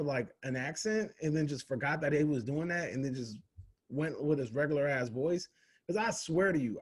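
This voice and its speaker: A man's voice: a little high, a little mellow, slightly rough. A young man giving a casual, profane, rambling film review full of slang.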